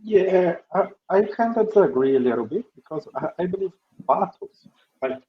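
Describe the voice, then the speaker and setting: A man's voice: high-pitched, expressive, normal speed, dull audio. A Brazilian man with a Portuguese accent, speaking English as a student in class, hesitant and searching for words. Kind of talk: classroom discussion.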